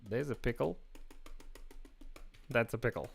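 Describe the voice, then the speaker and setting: A man's voice: mid-range voice, unhurried, creaky, slightly rough, soft background music. A man hosting a live drawing stream, chatting casually and playfully while reading viewer comments aloud. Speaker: live-stream artist host.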